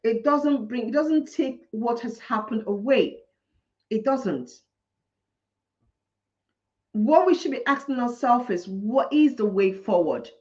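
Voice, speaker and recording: A woman speaks in a high voice, indignant and insistent as she rants like a teacher with a grievance. She repeats herself for emphasis. The recording sounds muffled and lo-fi. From Nigeria. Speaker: teacher and vlogger. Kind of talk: impassioned commentary. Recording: dull lo-fi recording.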